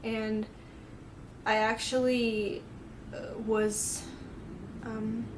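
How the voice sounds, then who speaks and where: A young woman chats through a book questionnaire in a casual vlog, full of "um" and "like" and quick giggles. Her voice sits a little high. A faint hiss of room noise runs under it. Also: little pitch movement. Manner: chatty, rambling, frequent fillers and giggles. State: tearful, crying. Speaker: book vlogger.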